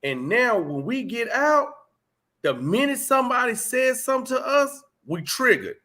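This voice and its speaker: A man with a high, bright voice talks in a loose, animated way. He leans into street slang and acts out heated exchanges with rising intensity. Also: moderate pace. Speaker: host. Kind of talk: casual conversation.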